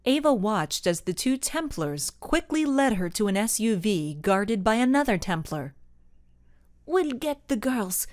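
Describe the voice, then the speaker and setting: A woman reading a children's mystery audiobook aloud as narrator, with expressive storytelling. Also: mid-range voice, normal speed, few pauses, no echo, clean studio sound. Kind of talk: scripted narration.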